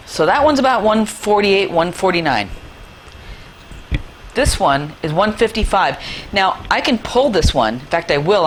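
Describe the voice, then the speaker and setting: A woman's voice: on the low side, a little hiss or hum. A middle-aged woman hosting a cooking show in her kitchen, chatty and enthusiastic, with playful asides as she demonstrates a recipe.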